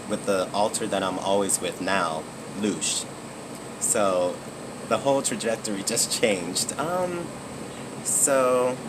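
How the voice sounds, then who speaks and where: A man's voice: fairly low pitch, background noise. A man talking casually to his vlog audience, rambling and candid, with lots of fillers and restarts. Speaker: YouTuber.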